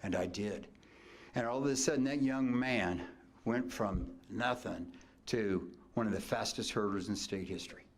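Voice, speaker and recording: Older Midwestern man, coach, lowish voice; animated podium storyteller, whispers then bursts. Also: normal speed, a little hiss or hum. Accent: Midwestern American. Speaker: coach and hall of fame inductee. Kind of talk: acceptance speech storytelling. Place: banquet hall at a ceremony.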